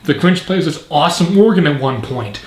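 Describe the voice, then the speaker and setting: A man's voice: fairly high pitch, lively intonation, a little fast. A man reviewing a film in casual commentary, rambling and opinionated with frequent fillers. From Canada. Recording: echoey room.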